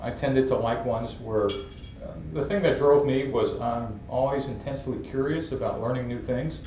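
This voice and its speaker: Speaking at a moderate pace in a medium-pitched voice, this New York man tells humorous tales with lively energy as an entrepreneur guest in a storytelling interview. He's on an event stage, captured from afar in an echoey room with faint ambience and slight background noise.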